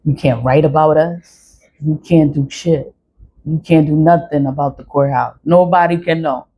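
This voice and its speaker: A woman's voice: low voice, steady tone, normal speed, dark tone, slightly rough. A woman ranting to the camera in a blunt, profane, defiant way, repeating her phrases and laughing between lines. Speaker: vlogger.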